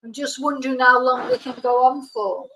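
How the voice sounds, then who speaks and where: High, bright-voiced woman chatting slowly. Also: fairly even intonation, low-quality recording. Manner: chatty, soothing her dog between remarks. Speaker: live-stream host. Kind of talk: casual chat to viewers. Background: faint fireworks.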